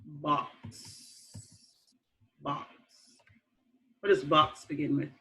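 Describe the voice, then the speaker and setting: A woman teaching young children a phonics lesson, slow and patient, repeating words and praising them. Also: low-pitched, steady tone, pushed and bright, low-quality recording. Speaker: kindergarten teacher.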